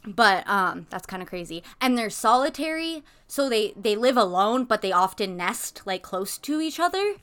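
Bright-voiced giggly young woman podcaster. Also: medium pitch, sing-song, normal speed, few pauses. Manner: giggly, rambling with many "like"s. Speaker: podcast co-host. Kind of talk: casual chat.

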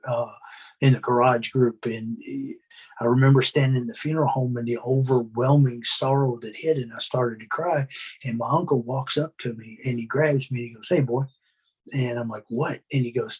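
A husky-voiced man talks through his recovery story as a podcast guest. He comes across as earnest and openly emotional. He speaks bluntly, with some swearing, in casual conversation. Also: medium pitch, steady tone, fairly quick.

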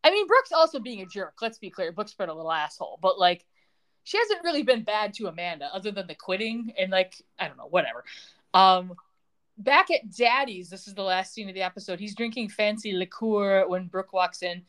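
With a sing-song, brisk, slightly bright voice of medium pitch, a podcast host chats casually while retelling a TV episode. She keeps the tone sarcastic, quipping and laughing her way through each scene.

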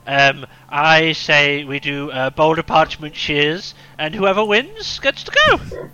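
A man's voice: on the high side, lively intonation, slow pace, bright, forceful tone, lo-fi sound, slight background noise, full character voice. A man voicing a dim but cheerful male spellcaster in a tabletop game. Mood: chirpy.

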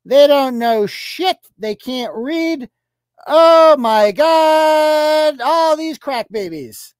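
A man voicing a mean, burned-out male schoolteacher who mocks his pupils in a slow, drawn-out sneer. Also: extremely high pitch, animated, no room sound, pitched above the performer's own voice, heavily acted. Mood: scornful.

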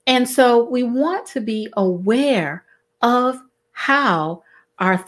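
A middle-aged woman, talking to her listeners in a casual, expressive way and acting out the questions she quotes. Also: extremely slow. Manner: expressive, acts out quoted questions with big pitch swings. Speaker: host.

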